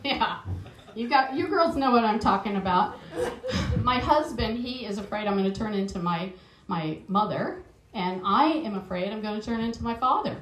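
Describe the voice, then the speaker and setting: A woman's voice: medium pitch, animated, moderate pace, fairly bright tone. A middle-aged woman with a New Zealand accent doing a chatty, self-mocking stand-up comedy set on stage, laughing at her own jokes. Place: stage at a live improv show. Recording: roomy live venue sound.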